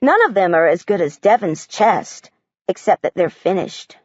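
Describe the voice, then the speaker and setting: A woman's voice: on the low side, sing-song, moderate pace, darkish tone, breathy edge, no room sound, highs cut off. A woman reading a first-person audiobook in a plain, matter-of-fact storytelling voice. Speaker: audiobook narrator.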